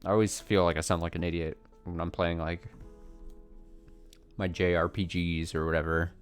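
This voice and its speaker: A deep-voiced man talks loosely while streaming a game, drifting between topics and making fun of himself. Faint game music plays under his voice. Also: flat delivery, normal speed, clean tone. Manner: rambling, self-deprecating, chuckling, answers chat questions. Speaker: let's play streamer. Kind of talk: casual chat while playing a game.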